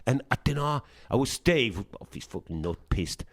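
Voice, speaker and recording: Very animated at a moderate pace, a medium-pitched middle-aged man, a punk singer from Sunderland, England, trades stories in an interview. He's chatty and swears, voicing the dialogue in his anecdotes in a Sunderland English accent. No room sound.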